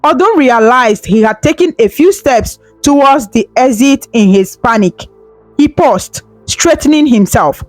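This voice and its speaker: A woman narrating a folktale in a dramatic, expressive way. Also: fairly high pitch, measured pace, dry recording, soft background music, low-quality recording. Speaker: storyteller.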